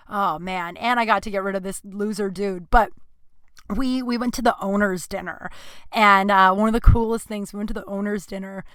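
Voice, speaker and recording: A woman comedian hosting her podcast, telling stories in a blunt, profane, animated way. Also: mid-range voice, no echo. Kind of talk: casual storytelling monologue. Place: indoor room.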